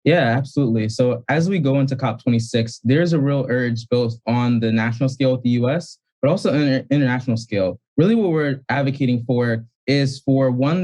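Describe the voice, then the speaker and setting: A young man, an activist guest, answering in quick casual speech with "like" fillers. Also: medium pitch, mellow, rough recording. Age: young adult. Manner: fast, fluent with casual fillers. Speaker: youth climate activist guest. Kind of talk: conversational interview answers.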